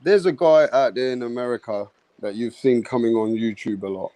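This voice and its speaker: A man's voice: medium pitch, fairly quick, warm tone, dry recording. A man hosting a live boxing talk stream, blunt and swearing, teasing a chat member.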